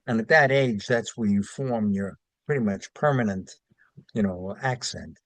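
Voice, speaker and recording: A man's voice: lowish voice, a little slow, no echo. An older man from Brooklyn, chatting as an interview guest and rambling through anecdotes with fillers and restarts. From Brooklyn, New York. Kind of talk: casual interview chat.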